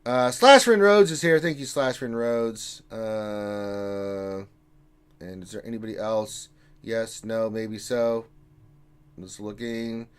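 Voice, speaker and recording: A man's voice: lowish voice, takes it slowly, clean tone. A man hosting a casual gaming livestream, reading out viewer messages with jokey asides. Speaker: stream host reading chat.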